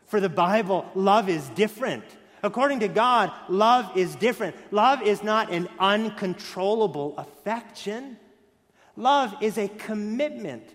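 A man preaching a sermon, stressing key words loudly and then dropping to hushed lines. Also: high-pitched. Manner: emphatic, swings between loud stresses and hushed lines. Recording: long hall reverb.

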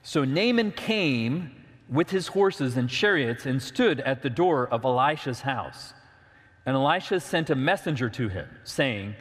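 A man's voice: a little high, big pitch swings, measured pace, a bit bright, in a large hall. A man preaching a sermon, earnest and direct, asking the listeners questions and reading scripture aloud. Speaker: pastor.

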